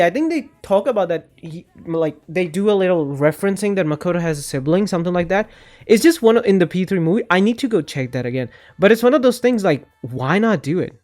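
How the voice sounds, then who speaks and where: A young man giving casual opinion commentary on games, rambling and animated, often cutting himself off mid-sentence. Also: sits high. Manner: rambling, animated, self-interrupting. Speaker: gaming video creator.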